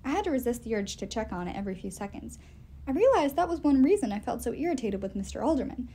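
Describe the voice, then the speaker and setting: Woman reading a book out loud, lively and expressive, kinda high voice. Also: fast, slight background noise. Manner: expressive, animated storytelling. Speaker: reader. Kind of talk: reading a novel aloud.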